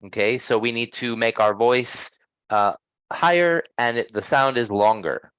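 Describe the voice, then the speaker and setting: A man teaching English pronunciation, patiently correcting students and modelling sounds slowly. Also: medium pitch, fairly bright tone, clean tone, dry recording. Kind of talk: online language lesson. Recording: dull, dry lo-fi sound.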